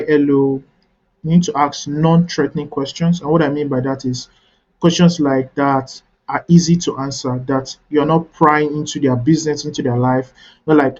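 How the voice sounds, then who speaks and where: A man's voice: on the high side, highs cut off. A man coaching a webinar audience on networking, teaching step by step and checking in with "right?" after key points.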